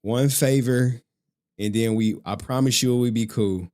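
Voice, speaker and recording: Male streamer, casual and animated, heavy slang and swearing. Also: medium pitch, unhurried. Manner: animated, profane, slangy storytelling. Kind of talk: casual livestream chat.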